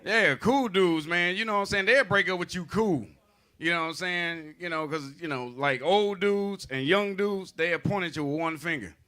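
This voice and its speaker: Man, stand-up comedian, bright tone, fairly high voice, profane, rambling storyteller. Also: moderate pace. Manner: loose, profane, conversational storytelling.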